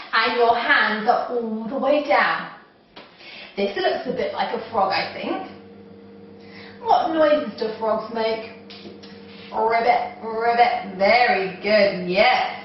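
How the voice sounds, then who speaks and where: A woman's voice: a little high, animated, slow, distant mic, a little hiss or hum. A young woman leading a children's yoga class, playful and encouraging, making animal noises as she goes. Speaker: kids' yoga teacher. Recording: echoey room, mic set back, dull sound.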